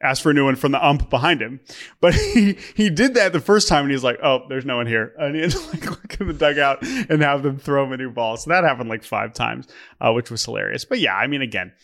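Young man, podcast co-host, casual chat, animated storytelling, frequent laughs, mid-range voice. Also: medium pitch, fairly quick.

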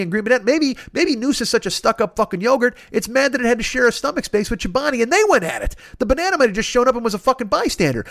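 Podcast host, man, quick profane comic rants, self-deprecating, slightly high voice. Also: no room sound, clean studio sound. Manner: profane, ranting, self-mocking. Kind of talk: comedic storytelling monologue.

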